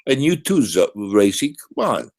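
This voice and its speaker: A man's voice: lowish voice, very animated, moderate pace, a little mellow. A man hosting a rowdy live-stream chat, his voice swinging widely up and down. He teases his guests, laughs a lot and drops curses without a second thought. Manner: teasing, profane, laughs often.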